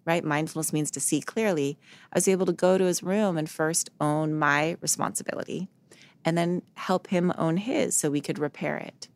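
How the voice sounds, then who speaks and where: A woman's voice: sits low, moderate pace, no echo. A woman psychologist, a guest in a podcast interview, telling stories earnestly and acting out the quoted dialogue.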